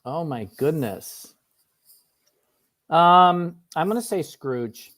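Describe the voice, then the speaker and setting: A man answering quick questions as a guest in a live online interview, friendly and hesitant, over a video call. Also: fairly high pitch, expressive, fairly bright tone. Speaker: guest, wellness coach.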